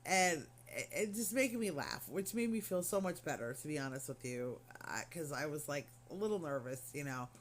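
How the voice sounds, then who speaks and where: A woman's voice: deep voice, expressive, normal speed, hardly any pauses, slight background noise. A middle-aged woman craft vlogger telling a story in casual, rambling chat full of fillers and asides.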